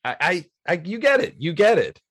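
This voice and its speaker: A man's voice: high voice, very animated, brisk, a bit bright, no room sound, clean studio sound. A man from Virginia hosting a podcast in casual interview chat, rambling and self-deprecating with lots of fillers. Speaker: podcast host.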